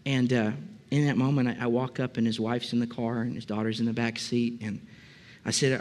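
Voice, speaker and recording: A man's voice: medium pitch, fairly even intonation, fairly quick, darkish tone. A man preaching a conversational sermon to a congregation, joking and asking them questions. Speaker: pastor. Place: church service before a congregation.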